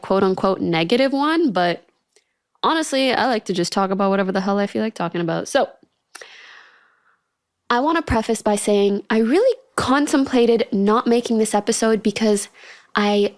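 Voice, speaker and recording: A woman's voice: on the high side, no room sound, clean studio sound. A young woman in her twenties hosting a solo podcast, talking candidly and ranting a little, with frequent laughs. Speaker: podcast host.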